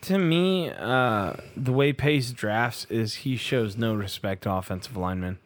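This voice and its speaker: A man in a casual sports talk, blunt and opinionated, keeping his co-host on track. His voice is mid-pitched and sits close in a dead, dry room. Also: lively intonation, measured pace, dry recording. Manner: blunt, steers the conversation. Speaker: podcast co-host.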